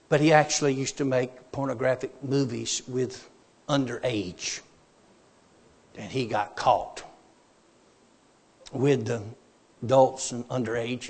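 A man's voice: mid-range voice, husky, long reverb tail. A man preacher giving a sermon testimony to a congregation, telling his story in a folksy, emphatic way.

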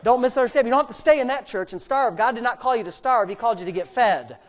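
Animated preacher, swinging loud to hushed. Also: male voice, quick pace. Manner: animated preaching with wide swings between loud, high bursts and low, quiet asides; sarcastic. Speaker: pastor. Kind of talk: sermon.

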